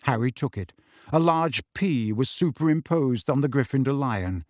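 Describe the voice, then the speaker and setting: A man narrating an audiobook with expressive storytelling. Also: medium pitch, normal speed, dry recording, clean studio sound. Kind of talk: scripted narration.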